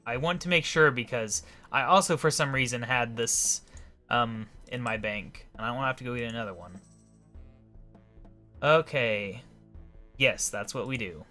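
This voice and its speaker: A man giving casual commentary over his video game play. His voice is bright and his remarks are offhand and wry, at a middle pitch. Faint music plays behind him. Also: normal speed. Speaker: let's play host.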